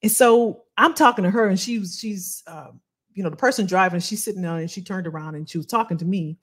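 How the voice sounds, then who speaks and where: A woman's voice: mid-range voice, a little fast, slightly rough. A middle-aged woman giving a passionate motivational talk to her viewers and telling personal stories. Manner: passionate, emphatic, addresses viewers as "y'all"; tells personal travel stories. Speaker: career coach and video host.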